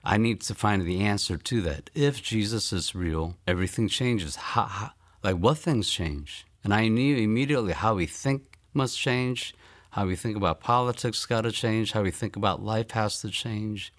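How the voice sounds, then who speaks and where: A man in his fifties from the United States, telling his personal faith testimony in an earnest, reflective way and slowing down to stress key lines. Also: on the low side, no room sound. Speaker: testimony speaker.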